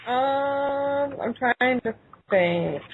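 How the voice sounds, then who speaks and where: A woman's voice: high-pitched, lively intonation, drawn-out words, a little hiss or hum. A woman chatting casually on a podcast panel, gushing about game characters. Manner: gushing, giggly. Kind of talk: casual group chat. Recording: phone-like call audio.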